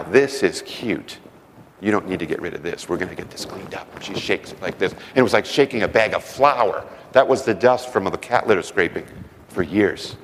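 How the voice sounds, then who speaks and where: A middle-aged man preaching a sermon with stories, shifting between loud emphasis and hushed, slowed phrases. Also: on the low side. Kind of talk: sermon storytelling. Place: church sanctuary. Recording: long reverb of a large hall.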